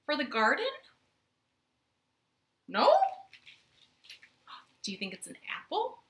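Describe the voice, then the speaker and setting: A woman's voice: a little high, sing-song, unhurried, long pauses, pushed and bright, roomy sound. A young woman leading a children's storytime from her living room, playful and sing-song as she talks to the kids.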